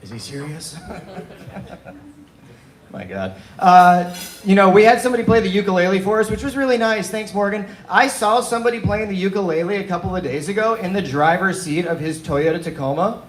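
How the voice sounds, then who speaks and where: A man's voice: sits high, brisk. Young man doing open mic stand-up. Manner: loose, animated storytelling with laughs. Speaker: stand-up comedian. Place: small bar and coffee venue. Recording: echoey live room.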